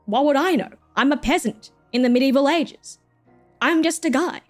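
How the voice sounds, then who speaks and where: A woman's voice: high voice, normal speed, soft background music, close to an everyday voice. A woman playing a simple, carefree medieval male peasant in a breezy, shrugging manner.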